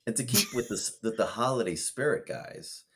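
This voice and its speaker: A man co-hosting a podcast, chatting casually in a goofy, halting way. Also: mid-range voice, fairly bright tone, husky. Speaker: podcast co-host. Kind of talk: casual chat.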